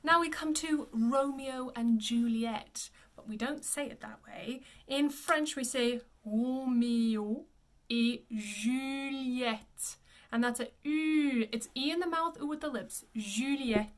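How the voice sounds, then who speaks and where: A woman voice coach giving a pronunciation lesson. She says each word slowly and then repeats it. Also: high-pitched, a bit bright.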